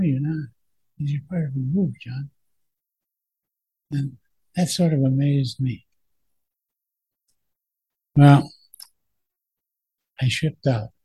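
A man's voice: medium pitch, dark tone, breathy edge, no echo, poor audio. An older man, a veteran, reflectively recalling his wartime service in a plainspoken oral history telling.

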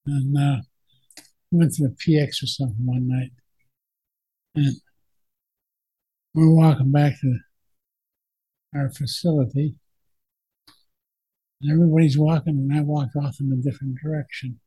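A man's voice: a little high, fairly even intonation, measured pace, long pauses, mellow, slightly rough, no echo, low-quality recording. An older man, a veteran, reflectively recalling his wartime service in a plainspoken oral history telling.

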